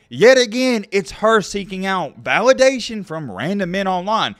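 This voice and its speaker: A man ranting in a commentary vlog, exasperated and preachy. His somewhat high voice leaps up and down as he presses each point. The sound is dry and close. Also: lively intonation, unhurried, hardly any pauses, a bit bright, dry recording. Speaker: commentary YouTuber.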